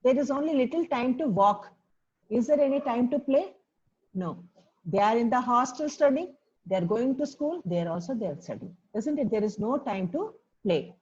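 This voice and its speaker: A woman teaches a story to her class. She explains words step by step and keeps asking her students questions. Her voice is somewhat high, and the recording is dull and lo-fi. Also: animated, moderate pace, a little mellow.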